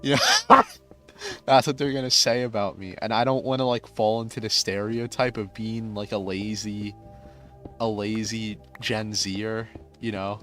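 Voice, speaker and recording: A man's voice: lowish voice, steady tone, unhurried, fairly bright tone, faint music behind. A man in his twenties rambling casually with many filler words while playing a game.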